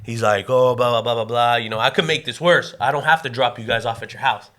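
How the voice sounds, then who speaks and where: Co-host, man, bright edgy voice, swears a lot, acts out every quote. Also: medium pitch, fairly even intonation, fast. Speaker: podcast co-host. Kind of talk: casual storytelling.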